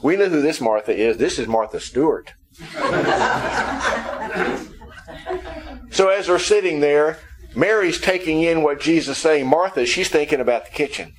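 A man's voice: fairly high pitch, lively intonation, unhurried, pauses often, rough recording. A man preaching a sermon who explains scripture through humorous storytelling.

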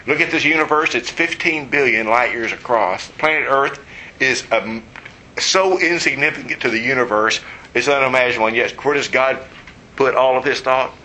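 A man's voice: medium pitch, normal speed, sharp tone, a little hiss or hum, poor audio. A man preaching a conversational teaching sermon, explaining verses and adding joking asides.

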